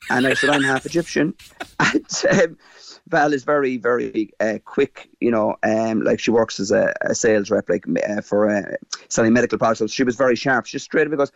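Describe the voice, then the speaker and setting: A man in his fifties with a Cork Irish accent, telling a personal story in a radio interview, halting with fillers and restarts. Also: mid-range voice, no echo, dull audio. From Ireland. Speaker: guest.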